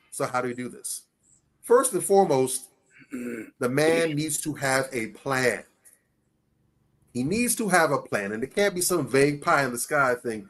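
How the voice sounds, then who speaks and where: A man's voice: mid-range voice, lively intonation, a little slow, long pauses, fairly bright tone. Emphatic man giving blunt advice. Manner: emphatic, preachy, rhetorical questions. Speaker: podcast host. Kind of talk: casual podcast commentary.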